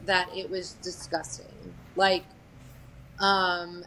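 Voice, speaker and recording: A woman's voice: mid-range voice, little pitch movement, takes it slowly, pushed and bright, a little hiss or hum, poor audio. Blunt woman telling a story candidly. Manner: blunt, profane, matter-of-fact with frequent fillers. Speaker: guest sharing a family story.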